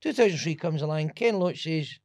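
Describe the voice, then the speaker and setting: A Scottish stand-up comedian tells swear-laden stories in a casual podcast chat, animated and laughing as he goes. His voice is a little high and brisk, with no echo.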